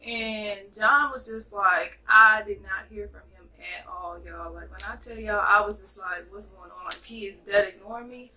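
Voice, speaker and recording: A young woman from North Carolina telling a chatty, animated storytime to her viewers. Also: mid-range voice, moderate pace, few pauses, recorded from a distance, poor audio. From North Carolina, USA. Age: young adult. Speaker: vlogger. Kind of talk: casual storytime vlog.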